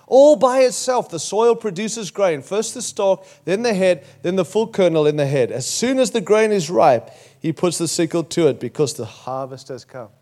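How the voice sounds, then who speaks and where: A man's voice: high-pitched, animated, moderate pace, darkish tone. A man with an Australian accent preaching a sermon as pastor, emphatic and building to punchy repeated phrases.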